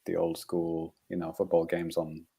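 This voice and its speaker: This podcast co-host has a low, warm voice that is husky, creaky and monotone, delivered at a moderate pace. He rambles in casual conversation, chuckling often and using plenty of fillers.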